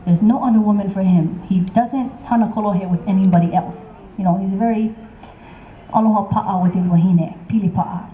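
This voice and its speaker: A woman telling a legend live to an audience in a lively, chatty, teasing way. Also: medium pitch, normal speed, narrow, tinny audio. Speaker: storyteller. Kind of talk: live oral storytelling to an audience. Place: outdoor concert stage. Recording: echoey outdoor stage sound.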